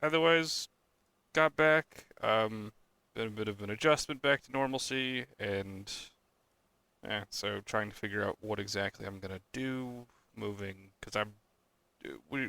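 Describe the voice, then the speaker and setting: Young man, bright tense voice, dry close sound, swearing, exasperated casual rant. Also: fairly low pitch, moderate pace, dry recording. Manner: swears a lot, ranting with exasperated outbursts. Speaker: podcast co-host. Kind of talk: casual chat.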